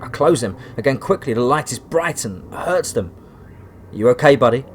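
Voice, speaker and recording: A man reading a scripted first-person horror story in a steady, measured way. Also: medium pitch, slight background noise. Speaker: narrator.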